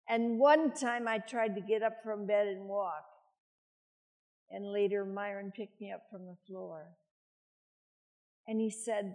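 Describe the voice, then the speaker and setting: Older lady preacher, unhurried and chatty, pokes fun at herself mid-sermon. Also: medium pitch. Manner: slow, chatty, self-deprecating asides.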